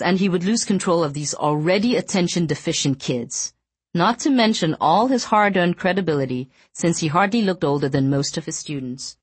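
A woman narrating a novel as an audiobook in measured, even storytelling. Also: low-pitched, husky, no echo. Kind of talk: scripted narration.

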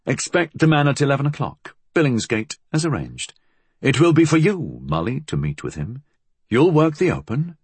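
A man voicing a calm male gang leader who speaks in a measured, commanding way. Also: medium pitch, husky, no echo, voice pushed up.

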